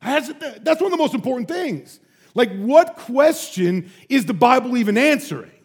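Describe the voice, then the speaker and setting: Brief: preacher with a high voice, lively storyteller, chatty asides. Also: male voice, normal speed, husky. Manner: animated storytelling, frequent asides. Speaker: pastor. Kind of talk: sermon.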